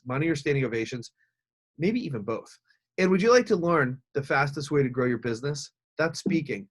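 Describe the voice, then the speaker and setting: A man hosting a live online webinar as a speaking coach. He talks in an energetic, upbeat way and speaks straight to his viewers. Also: medium pitch, fairly quick, breathy edge.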